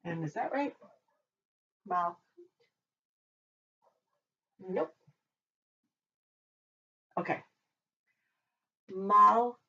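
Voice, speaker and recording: A woman teaching a language lesson who talks while she writes, pausing and correcting herself as she goes. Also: mid-range voice, a little hiss or hum. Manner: talks while writing, with pauses and self-corrections. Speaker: Hebrew teacher. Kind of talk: slow, patient lesson at a whiteboard. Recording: dull lo-fi recording.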